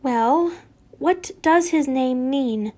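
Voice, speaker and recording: A woman's voice: high-pitched, drawn-out words, darkish tone. A woman reading fan fiction aloud, voicing a stern, curt aristocratic father in a voice close to her own.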